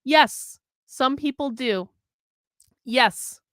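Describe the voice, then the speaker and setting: Sarcastic lady mocking the news, high voice, dry room. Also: extremely slow, a bit bright, dry recording. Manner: sarcastic, mocking, reads articles aloud with asides. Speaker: commentary show host.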